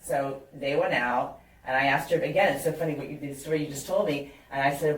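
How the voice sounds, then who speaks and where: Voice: mid-range voice, quick pace. A matchmaker hosting an interview, talking casually with lots of "you know" and retelling stories about clients. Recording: roomy sound, distant from the mic.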